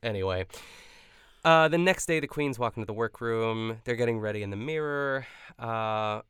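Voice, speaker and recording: A man's voice: mid-range voice, normal speed, a bit bright, smooth, dry recording, clean studio sound. A young man co-hosting a podcast, recapping an episode in casual, chatty talk full of fillers and quoted lines. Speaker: podcast co-host.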